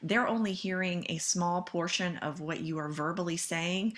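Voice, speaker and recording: A woman instructor giving a recorded lecture over slides, calm and measured, stressing key words deliberately. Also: lowish voice. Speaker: course instructor.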